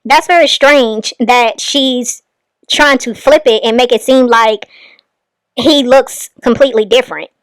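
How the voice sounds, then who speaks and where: A woman host giving pointed, critical commentary in a deliberate way. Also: fairly high pitch, no room sound.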